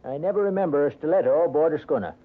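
A retired schooner skipper with a fairly high voice, as a radio actor plays him. He speaks plainly and bluntly. The sound is thin and lo-fi, like an old radio broadcast. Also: racing, close to an everyday voice. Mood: gruff. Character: retired fishing-schooner captain. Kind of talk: 1940s radio acting.

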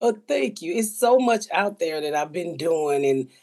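A woman comedian from Atlanta, chatting in an interview and telling stories in a blunt, profane, animated way. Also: fairly low pitch, measured pace. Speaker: guest comedian. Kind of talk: casual interview chat.

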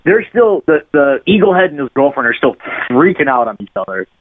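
In a casual podcast chat, a guest bass player tells a rambling, profanity-laced story and keeps laughing. His brisk voice is a little high with big pitch swings, heard through phone-like lo-fi audio.

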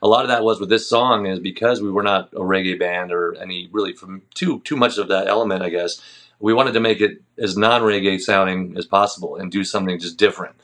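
Fast-talking deep-voiced man. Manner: relaxed storytelling, laughs easily. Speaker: band vocalist, guest. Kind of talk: casual interview chat.

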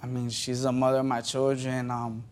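A man giving halting, defensive testimony as a litigant in a TV courtroom. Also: medium pitch, monotone.

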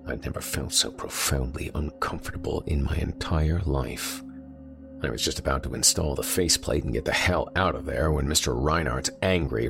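A man narrating a first-person horror story with measured, tense pacing. His voice is extremely deep with a gravelly edge, and soft music plays underneath.

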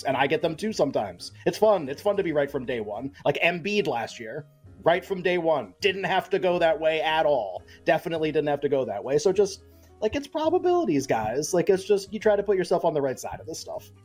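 Guy cohosting a betting podcast, kinda husky, sarcastic, talks fast and jumpy, faint music behind. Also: a little high. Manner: animated, sarcastic, many fillers. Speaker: co-host of a sports betting podcast. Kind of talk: casual chat.

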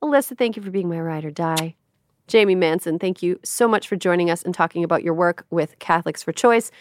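A woman hosting a podcast in casual chat, wry and emphatic with quick asides. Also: fairly low pitch, slight background noise. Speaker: podcast host.

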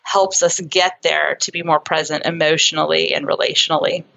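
A woman's voice: low voice, little pitch movement, moderate pace, gravelly, fairly bright tone, dull audio. A woman psychotherapist, a guest on the show, telling a story in an earnest, explanatory way. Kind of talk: conversational storytelling.

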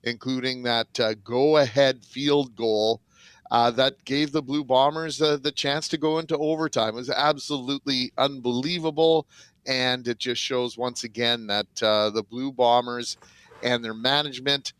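A man hosting a sports morning radio show, talking in a steady, measured way. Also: mid-range voice, smooth, no room sound. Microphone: studio microphone.

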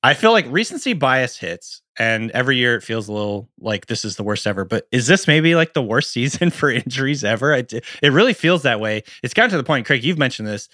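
A man's voice: medium pitch, sing-song, a little fast, hardly any pauses, sharp tone, no room sound, clean studio sound. A man co-hosting a casual sports podcast, acting out his own reactions as he tells stories. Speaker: podcast co-host. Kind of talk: casual chat.

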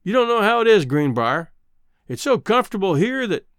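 A man's voice: high voice, sing-song, moderate pace, a bit bright, no echo, pitched above the performer's own voice. A mild, wistful former cowhand turned city dandy, sounding sheepish and fond of his comforts, played by a man reading the tale. His voice rises and falls with plenty of movement. It is recorded close and dry. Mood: apologetic. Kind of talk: dramatic reading of a short story.

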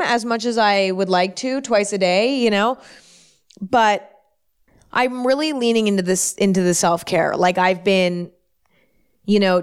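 A woman hosting her own show, talking alone in a chatty, rambling way with quick self-deprecating asides. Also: mid-range voice, clear, resonant tone. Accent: put-on New York twang at times. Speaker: podcast host. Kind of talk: casual solo chat.

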